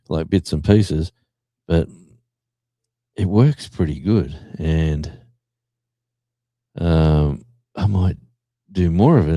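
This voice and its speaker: A man's voice: low-pitched, dark tone, no room sound. An Australian man hosting a livestream, chatting casually and rambling, with many fillers and restarts while he reads the chat. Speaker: livestream host. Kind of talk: casual chat reading a live chat.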